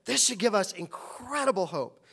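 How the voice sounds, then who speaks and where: A man's voice: sits high, big pitch swings, moderate pace, creaky, a bit bright, slightly rough. A man preaching a sermon as pastor, impassioned and full of rhetorical questions.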